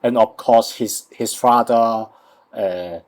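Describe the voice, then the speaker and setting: A man with a Hong Kong accent, an English learner who speaks in halting, repeated phrases in a casual lesson. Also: medium pitch, darkish tone. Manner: halting, repeats words, hums along.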